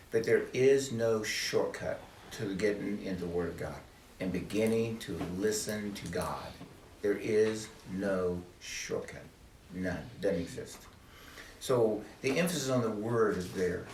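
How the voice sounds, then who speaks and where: Older guy preaching to a small group, low-ish voice, echoey room, sounds far from the mic. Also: darkish tone, a little hiss or hum. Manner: earnest, preacherly emphasis with repeated phrases. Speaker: ministry speaker. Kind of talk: testimony talk to a small group.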